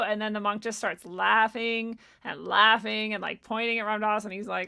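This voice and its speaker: A young woman hosting a livestream, reading chat questions aloud and answering them in casual, profane, animated chat with frequent laughter. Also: medium pitch, normal speed, gravelly, hardly any pauses, clear, resonant tone.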